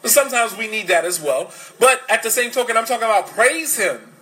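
A man's voice: high-pitched, animated, bright, forceful tone, rough recording. A man giving a religious lecture on parenting, emphatic and full of rhetorical questions. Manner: switches to fast Arabic recitation. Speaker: Islamic lecturer.

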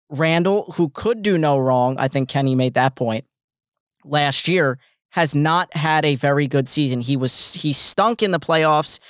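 A man's voice: on the high side, a bit bright, clean tone, no echo, clean studio sound. A man hosting a sports talk show, giving blunt, emphatic opinions and hammering his points home.

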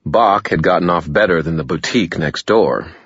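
Very deep-voiced man narrating an audiobook. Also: normal speed, a bit bright, husky, no room sound, lo-fi sound. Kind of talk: first-person scripted narration.

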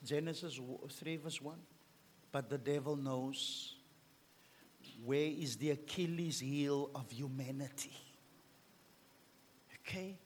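A man preaching a fiery sermon as pastor, swinging between shouts and hushed whispers. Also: mid-range voice, slow pace, pauses often, a little hiss or hum. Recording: long hall reverb.

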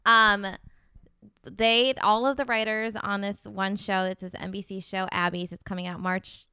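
A young woman hosting a podcast in a wry, upbeat, casual way. Her voice is bright and crisp, recorded close and dry. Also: mid-range voice, flat delivery, a little slow, no room sound. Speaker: podcast host.

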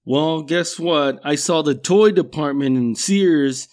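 A man's voice: fairly high pitch, slow, a little mellow. A middle-aged man from a Mexican-American background telling casual, profane stories in a rambling way, laughing at himself. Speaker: storyteller.

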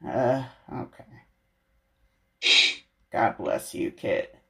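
A woman's voice: very deep voice, expressive, very slow, a little mellow. A young woman hosting a livestream, chatting casually and giggling with viewers. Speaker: livestream host.

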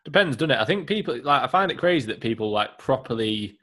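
A man's voice: mid-range voice, animated, quick pace, sharp tone. A man hosting a casual podcast, rambling with hesitant restarts and casual swearing. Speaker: podcast host.

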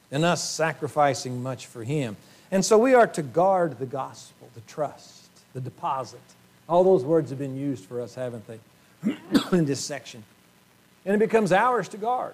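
Male pastor, slightly high voice, earnest sermon delivery with frequent throat-clearing. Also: darkish tone. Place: church sanctuary.

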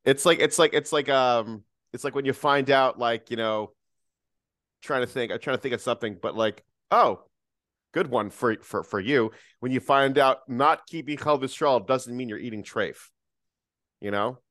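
A man's voice: medium pitch, moderate pace, a bit bright, no echo, studio quality. A young man with a Baltimore accent, chatting casually with his mother, searching for words and tossing in jokey asides. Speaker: podcast co-host, son. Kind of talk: casual family chat.

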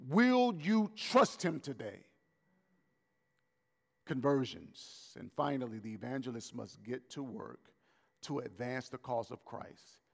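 A man preaching a sermon as pastor, emphatic and animated, repeating his points for effect. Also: medium pitch, creaky, breathy edge, long reverb tail.

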